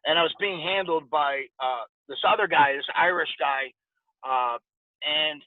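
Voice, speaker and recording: A man in his forties, a podcast guest, casually telling lively stories and acting out the dialogue. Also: a little high, unhurried, no echo. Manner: animated anecdote-telling with quoted dialogue. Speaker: podcast guest, former boxer. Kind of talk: casual storytelling interview. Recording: dry, tinny phone-like sound.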